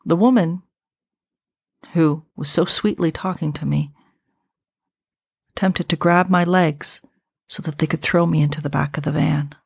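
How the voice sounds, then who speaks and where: A woman in her fifties hosting a podcast, telling a personal story in a slow, reflective and intimate way. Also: sits low, steady tone, vocal fry, breathy edge, dry recording, clean studio sound. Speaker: podcast host.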